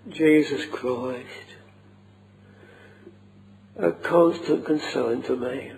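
A man's voice: a little high, gravelly, dark tone, low-quality recording. A man preaching an earnest, old-fashioned sermon with archaic phrasing. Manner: slow, earnest, archaic King James phrasing.

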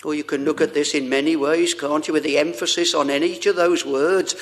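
A man's voice: on the high side, steady tone, brisk, hardly any pauses. A man preaching a sermon, addressing the congregation with rhetorical questions and old-fashioned scripture wording.

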